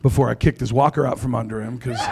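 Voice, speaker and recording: Brash crude stand-up man, gravelly voice. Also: mid-range voice, very noisy. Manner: brash and crude, mock-outraged. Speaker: stand-up comedian. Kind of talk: stand-up comedy. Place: comedy club stage.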